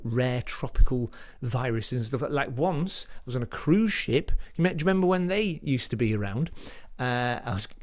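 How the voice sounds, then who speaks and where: A man's voice: medium pitch, animated, normal speed. Rambling self-deprecating male comedian. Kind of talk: stand-up comedy set.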